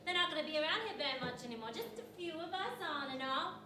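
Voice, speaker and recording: A woman acting a cheerful, affectionate young navy nurse in a stage musical, coaxing and slipping into halting French. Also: sits high, animated, background noise. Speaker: stage actor. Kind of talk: live musical theatre acting. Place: large theatre stage. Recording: echoey stage from far off, loud music.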